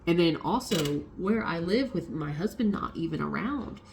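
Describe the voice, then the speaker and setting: Gravelly-voiced woman telling a story. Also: lowish voice, moderate pace, a little hiss or hum. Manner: animated, swears freely, acts out quoted people. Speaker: vlogger telling a personal story. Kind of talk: casual storytelling vlog.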